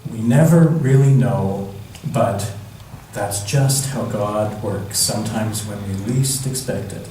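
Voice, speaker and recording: Gentle male angel, put on by a man telling a children's story, soft and coaxing, slow, heard from far off in a roomy church. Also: fairly low pitch, a little hiss or hum. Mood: calm. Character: gentle male angel messenger, calm and reassuring. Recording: echoey church hall from far off.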